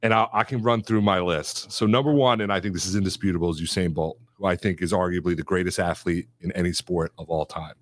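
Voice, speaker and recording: A man's voice: deep voice, steady tone, fast, few pauses. A man who is a guest in a casual studio chat, confidently explaining his ranking.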